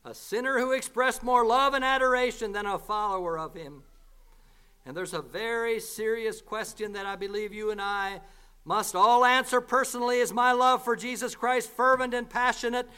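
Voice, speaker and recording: An earnest male preacher with a very high, bright voice. His tone is smooth and clear, and he repeats his key points with emphasis. He often drops lower and softer as he draws back from the mic. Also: fairly even intonation, normal speed. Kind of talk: sermon.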